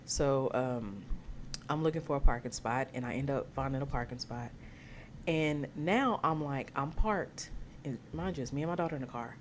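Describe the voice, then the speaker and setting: A young woman with a low voice tells a story from her own life to her viewers in a casual, chatty way. She is animated and keeps calling them "y'all." A faint hiss sits under the recording. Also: moderate pace. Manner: animated, says "y'all" often. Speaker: vlogger.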